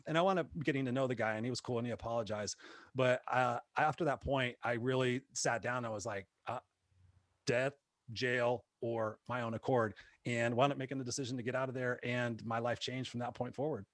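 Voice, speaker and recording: A man, a motivational speaker, telling his life story in a casual interview, animated and acting out the voices of people he quotes. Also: medium pitch, fast talker, no room sound, clean studio sound. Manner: animated, acts out quoted voices, many fillers.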